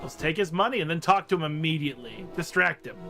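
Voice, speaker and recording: A man's voice: fairly high pitch, quick pace, music in the background. A man casually commenting on a role-playing game and reading its text aloud, rambling through asides with lots of "like.". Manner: chatty, rambling asides, many "like" fillers. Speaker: let's play host.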